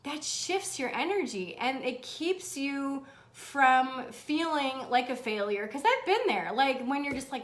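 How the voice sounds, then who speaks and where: Bubbly high-voiced woman vlogging. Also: expressive, a little slow, few pauses. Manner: bubbly, laughs often, swears casually. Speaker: motivational vlogger reading live comments. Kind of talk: casual livestream chat. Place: indoors, seated.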